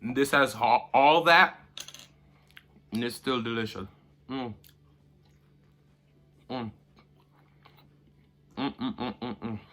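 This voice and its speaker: A man's voice: medium pitch, slow pace, long pauses, bright, forceful tone. A Jamaican man chatting casually during a food-review mukbang, humming and murmuring between bites.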